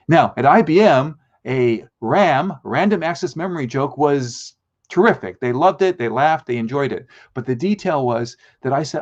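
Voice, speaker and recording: A man coaching an online audience on a live show, his voice rising and falling a lot as he acts out little scenes. His voice sits a touch high, and the sound is somewhat dull and lo-fi. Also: normal speed. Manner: animated, acts out quoted lines. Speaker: host and speaking coach.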